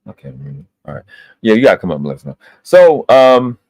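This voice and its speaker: Male stream host with a very low voice who lectures emphatically and swears freely, recorded close and dry. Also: big pitch swings, quick pace, gravelly, darkish tone, no echo. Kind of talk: casual profane monologue.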